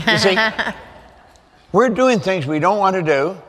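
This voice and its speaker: A man's voice: high voice, animated, normal speed, sharp tone. An older man giving a motivational seminar talk to an audience, conversational and storytelling, repeating his points for emphasis. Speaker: motivational speaker. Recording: long hall reverb.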